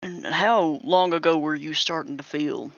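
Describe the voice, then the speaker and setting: A player questioning a character in a tabletop game, halting and probing. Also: medium pitch, vocal fry, no echo, highs cut off.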